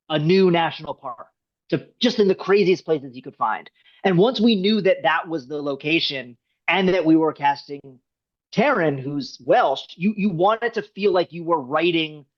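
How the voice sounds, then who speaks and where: A man, a screenwriter, talking casually in an interview, rambling with many restarts. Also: on the high side. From United States. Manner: rambling, restarts often, animated. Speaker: screenwriter guest. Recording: dull lo-fi sound.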